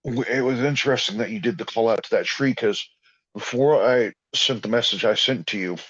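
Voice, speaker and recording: Speaking a bit quickly, this man has a medium-pitched, slightly bright and husky voice. His informal, wandering, down-home talk about healing and balance comes through on dull, lo-fi audio.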